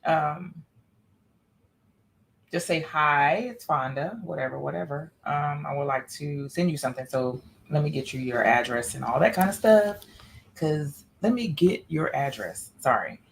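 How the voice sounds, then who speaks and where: A woman's voice: deep voice, unhurried, vocal fry, a little hiss or hum. A woman co-hosting a casual film discussion podcast, chatty, laughing often and talking straight to viewers. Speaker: podcast co-host.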